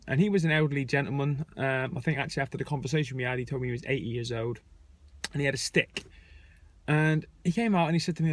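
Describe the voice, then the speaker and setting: Speaking at medium pitch and a fairly quick pace, a young man vlogs from an airport terminal with no echo. He's telling his viewers a story in a candid, casual rant.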